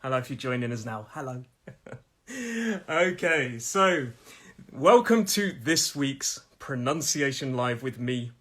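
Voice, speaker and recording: A man's voice: on the high side, fairly bright tone, breathy edge. A man from Nottingham with a Midlands accent, hosting a live-streamed English pronunciation lesson from his room in a chatty way, often laughing and repeating himself. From Nottingham, England.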